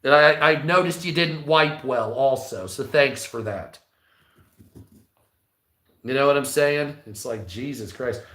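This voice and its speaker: A man's voice: medium pitch, a little slow, pauses often, a bit bright, reverberant. A man in his forties ranting casually on a livestream, swearing a lot and rambling. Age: 40s. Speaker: livestream host.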